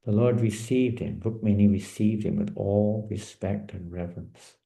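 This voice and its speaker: A man teaching as a spiritual speaker, telling a sacred story in an animated way in a sermon. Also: on the low side, normal speed, vocal fry, roomy sound, rough recording. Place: in India.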